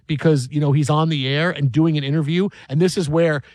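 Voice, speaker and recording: A man hosting a sports talk show, telling a story in an animated way and acting out the voices of the people in it. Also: fairly high pitch, fairly quick, no echo.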